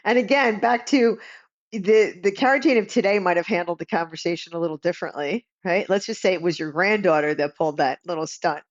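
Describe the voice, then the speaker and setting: A woman hosting a podcast interview, chatty and quick to laugh. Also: on the low side, muffled recording. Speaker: podcast host.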